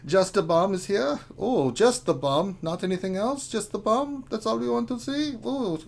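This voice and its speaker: A man's voice: high voice, animated, creaky, a little mellow, voice pushed up. A man voicing a lecherous German man in a put-on German accent, reading names with sleazy innuendo on a live stream. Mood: leering. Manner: sleazy innuendo, drawn-out teasing. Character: lecherous middle-aged German man named Friedrich.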